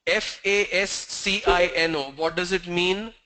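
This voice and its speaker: A man's voice: high-pitched, steady tone, measured pace, pushed and bright. A man teaching pronunciation, strictly answering students' questions and spelling words out letter by letter.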